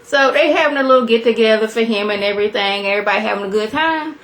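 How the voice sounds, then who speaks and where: A woman in her thirties chattily recapping a TV episode to her viewers, acting out quotes in a high voice. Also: fast. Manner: animated storyteller, acts out quotes in a high voice; chatty, talks straight to viewers. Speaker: TV review vlogger.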